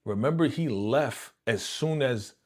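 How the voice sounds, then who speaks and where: A man's voice: mid-range voice, animated, unhurried, a little mellow. A man hosting a reaction video, chatting casually and slangily to viewers, chuckling and repeating himself as he breaks down an episode. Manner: frequent chuckles and repeated phrases. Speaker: reaction channel host.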